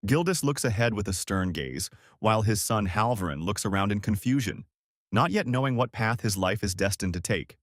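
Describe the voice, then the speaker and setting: A man reading a scripted story recap in an even, descriptive storytelling delivery on a close mic. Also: fairly low pitch, moderate pace, no echo. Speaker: recap narrator.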